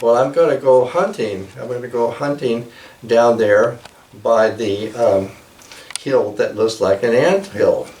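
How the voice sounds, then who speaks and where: A man's voice: mid-range voice, measured pace, a little mellow, recorded from a distance, a little hiss or hum, close to an everyday voice. Old man owl by a guy telling the story, easygoing, chill, roomy echo, mic sits back.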